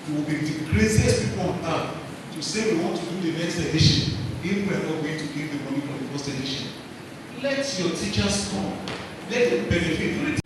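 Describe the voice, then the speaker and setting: A man giving an emphatic public speech, repeating phrases for effect. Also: high voice. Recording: echoey hall from far off, background noise.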